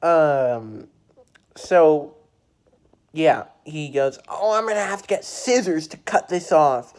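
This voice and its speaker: This is a young adult spinning a casual storytime for a vlog. The delivery halts often, full of fillers and restarted phrases, with laughs breaking in at the memory. The voice sits at an ordinary middle pitch. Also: a little mellow. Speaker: storytime vlogger.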